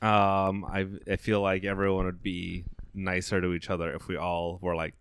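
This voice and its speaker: Low-voiced joking man on a podcast. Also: completely flat delivery, normal speed, clear, resonant tone. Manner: joking, provocative, laughs a lot. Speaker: podcast co-host. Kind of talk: casual podcast chat.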